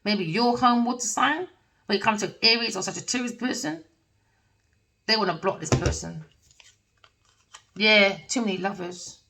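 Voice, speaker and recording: A woman's voice: medium pitch, normal speed, creaky, long pauses, pushed and bright, recorded from a distance, poor audio. A woman giving a casual tarot reading, rambling and emphatic with plenty of slang. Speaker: tarot reader.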